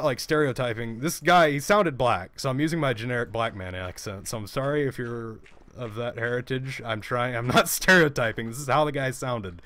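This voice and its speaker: A man chats casually while he plays, telling a long story at a medium pitch. He rambles and stammers through frequent restarts. The sound is dry and close. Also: lively intonation, brisk, a bit bright, dry recording. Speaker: let's play host.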